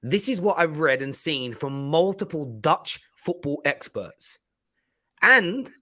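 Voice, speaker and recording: A man hosting a football podcast in an animated, casual chat. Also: fairly high pitch, slow. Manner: animated, laughing, chatty.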